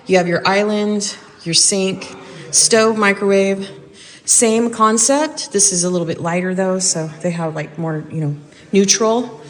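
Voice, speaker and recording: A woman chats her way through a walk-through of an empty house, her voice sitting at an ordinary middle pitch. She thinks aloud, hedges her guesses, and keeps a relaxed, conversational tone. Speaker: vlogger giving a house tour. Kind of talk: casual walk-through narration.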